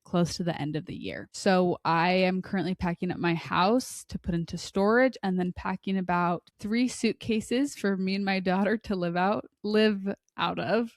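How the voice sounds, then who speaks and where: Chatty woman with a gravelly edge. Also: lowish voice, fairly even intonation, moderate pace, hardly any pauses, dry recording, clean studio sound. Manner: chatty, rambling storyteller. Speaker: podcast co-host. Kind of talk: casual chat.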